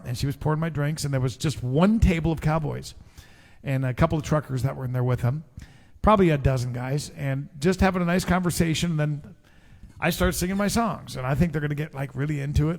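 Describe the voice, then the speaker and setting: A middle-aged man, a singer-songwriter, telling a relaxed, chatty story between songs at a live show. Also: on the high side, fairly quick, gravelly, in a large hall. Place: live music venue. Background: guitar.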